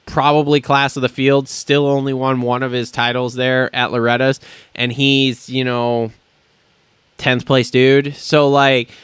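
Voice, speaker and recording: Forceful, foul-mouthed ranting podcast host. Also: male voice, mid-range voice, flat delivery, unhurried, clean tone, dry recording. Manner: profane, blunt and indignant. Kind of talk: heated podcast rant. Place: studio.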